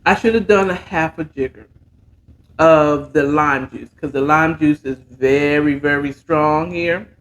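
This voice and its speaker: A woman's voice: low voice, a little slow. A woman hosting a casual bedtime story recap, chatting in a laid-back, slangy way while mixing and sipping a cocktail. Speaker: host and storyteller.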